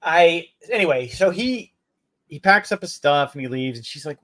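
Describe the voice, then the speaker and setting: A man's voice: a little high, lively intonation, brisk. A man co-hosting a podcast, telling a story in casual chat with self-deprecating humor. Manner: storytelling, self-deprecating, soft-spoken asides. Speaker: podcast co-host.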